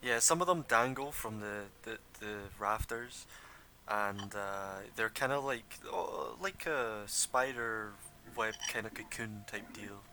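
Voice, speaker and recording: A man's voice: on the low side, slow, background noise. A young man running a tabletop game as game master, describing scenes loosely with lots of fillers and laughter.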